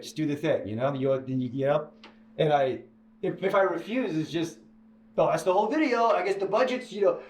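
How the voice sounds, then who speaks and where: A man telling a personal story as an interview guest, full of stammered restarts and sudden jumps into a high, animated voice. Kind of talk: casual storytelling. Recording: echoey room with faint ambience.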